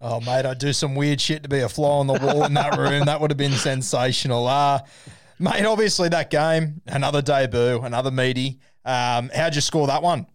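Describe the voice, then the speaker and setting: A man's voice: mid-range voice, normal speed, dry recording, studio quality. An Australian man hosting a casual interview, matey and teasing. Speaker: podcast host.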